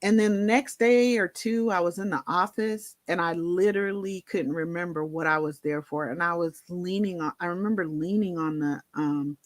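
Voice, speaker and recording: A woman's voice: lowish voice, moderate pace, hardly any pauses, no echo. A woman telling a personal story in a candid, conversational way, with many fillers and asides. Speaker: vlogger.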